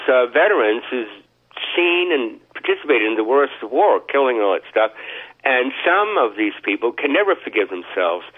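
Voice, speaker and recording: A man calling in to a talk show, telling a long rambling story in a halting, stammering way full of fillers. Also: mid-range voice. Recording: tinny phone line.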